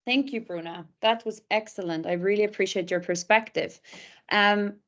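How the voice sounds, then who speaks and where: A woman hosting a webinar, thinking aloud reflectively and pausing between her thoughts. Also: mid-range voice, a bit bright, lo-fi sound. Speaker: webinar host. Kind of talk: moderating a webinar. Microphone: video call.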